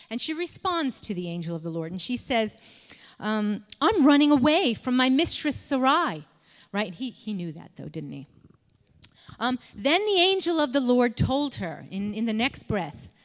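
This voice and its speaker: A tired mom telling a Bible story to children in a church hall, chatty and checking in with "okay?" all the time. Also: female voice, on the high side. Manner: chatty, keeps checking in with 'okay?'. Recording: echoey hall with long reverb.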